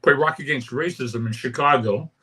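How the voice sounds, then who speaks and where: Older man from Canada, bright and forceful voice, loose anecdotal guest. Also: medium pitch, normal speed, breathy edge. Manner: rambling anecdotes with many "right?" tags and acted-out quotes. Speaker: interview guest, punk musician. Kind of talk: casual storytelling interview.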